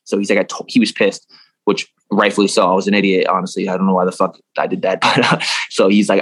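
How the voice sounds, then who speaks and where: A young man speaking quickly in a slightly low voice, telling his story in a loose, rambling way with plenty of swearing. The recording is dry and close, with no room sound. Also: steady tone, a bit bright, no echo. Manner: rambling, profane, laughs through story. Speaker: guest. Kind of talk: casual storytelling interview.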